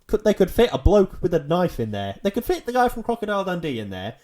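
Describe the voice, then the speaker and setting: A man's voice: high voice, wildly swooping pitch, quick pace, darkish tone. A young man, chatting casually as a podcast co-host, rambling and wry, often trailing off into a mumble. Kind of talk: casual chat.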